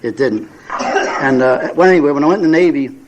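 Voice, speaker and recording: A man's voice: medium pitch, a little fast, background noise. A man in his seventies telling humorous personal stories to an audience at a recovery meeting, folksy and self-mocking, with frequent fillers and restarts. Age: 70s.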